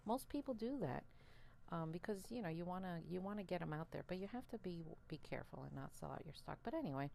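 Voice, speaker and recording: A woman vlogging about her worms, chatty and excitable, laughing often, a little out of breath. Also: on the low side, fast talker, creaky, a little hiss or hum. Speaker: worm farmer and channel host. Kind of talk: casual chat to camera while handling worms.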